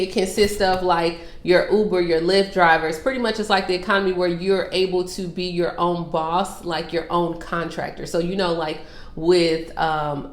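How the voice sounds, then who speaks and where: A woman's voice: fairly low pitch, echoey room. A woman hosting a casual Q&A vlog, sassy and teasing as she answers viewer questions and calls them girl and sis.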